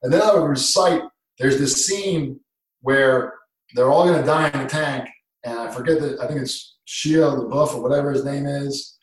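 A man who was a dean of students, telling stories in a casual chat, animated and swinging from hushed tones to loud bursts. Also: mid-range voice, normal speed. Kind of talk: casual storytelling in conversation. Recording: echoey room, distant mic.

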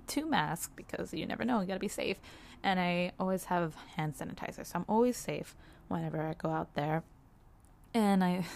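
A young woman with a lowish voice talks to camera in a personal vlog. She speaks candidly and rambles a little, dropping soft laughs and lots of "like"s between her thoughts. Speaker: vlogger.

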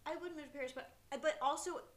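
A woman's voice: high-pitched, fast talker. A young woman co-hosting a podcast in casual chat, rambling and hesitant with filler words. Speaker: podcast co-host. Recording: echoey room.

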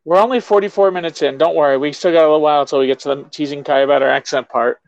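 A man hosts a casual podcast chat, his voice pitched a little high. He teases his guest and swears freely, and the recording sounds dry and close. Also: steady tone, very fast, vocal fry, dry recording, lo-fi sound. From New York State, USA. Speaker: podcast host.

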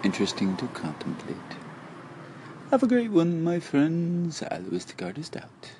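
A man's voice: fairly high pitch, wildly swooping pitch, unhurried, darkish tone, a little hiss or hum. Rambling, musing male podcaster. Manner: rambling, goofy, musing aloud. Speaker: podcast host. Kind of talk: casual solo podcast monologue. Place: outdoors, walking around. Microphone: phone app.

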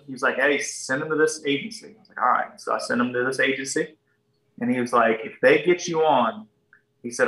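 A man's voice: mid-range voice, roomy sound, distant mic, low-quality recording. A man, a podcast guest telling a story casually and acting out the people in it. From Ohio, USA. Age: 30s. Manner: folksy, animated, acts out other people's lines.

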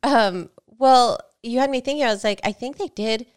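A woman co-hosts a gaming podcast, speaking at a moderate pace in a slightly high voice. She chats casually and tells stories, quoting back-and-forth exchanges.

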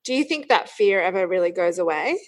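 A woman's voice: lowish voice, animated, brisk. A woman hosting a podcast interview, asking questions and teasing her guest with a laugh. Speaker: podcast host.

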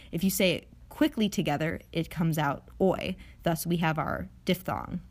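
A young woman hosting an audio lesson on phonetics, explaining vowels in a chatty way with playful asides and slowing down to model each sound. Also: on the low side. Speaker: podcast host teaching phonetics. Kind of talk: educational podcast lesson. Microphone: audio-only podcast recording.

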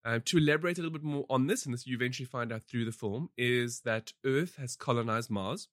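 Male podcast host, mid-pitch, rambling casual film chat, close dry mic. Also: quick pace, fairly bright tone, dry recording. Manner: rambling, chatty, laughs often, many fillers. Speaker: podcast host reviewing films.

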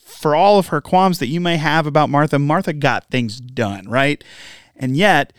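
Speaking as a pastor, a man with a fairly high voice gives an earnest, conversational devotional talk at a moderate pace. He frequently puts direct questions to his listeners and ends points with "right?" The sound is studio quality with no room sound.

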